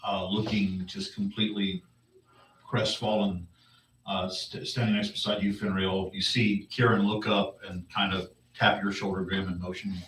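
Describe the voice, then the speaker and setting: A man narrating a tabletop game as game master, halting and low-key, recorded far from the mic. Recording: echoey room, mic far off, faint hiss.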